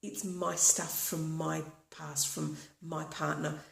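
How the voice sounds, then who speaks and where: An Australian woman leads a guided tapping session in an echoey room, speaking earnestly and repeating affirmations. Her voice is low with vocal fry, and her delivery is flat and slow.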